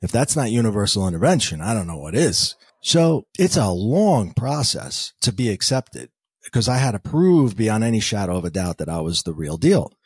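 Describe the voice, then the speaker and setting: A man's voice: fairly low pitch, very animated, moderate pace, husky, dry recording. A man, a podcast guest telling a story and acting out the dialogue. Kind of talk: storytelling interview talk.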